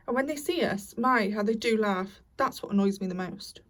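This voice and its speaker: A woman's voice: medium pitch, normal speed, a bit bright, far from the mic, close to an everyday voice. A woman voicing a plain-spoken male mole in a storybook reading, homely and given to grumbling. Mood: grumpy. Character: kindly, blunt, hungry male mole.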